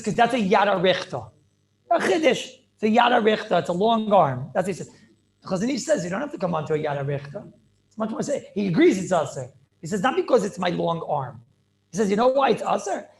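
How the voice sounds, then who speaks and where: Over a video call, a rabbi with a male voice that sits high teaches a Talmudic class. He repeats phrases and checks in with his students by asking "right?" and "clear?".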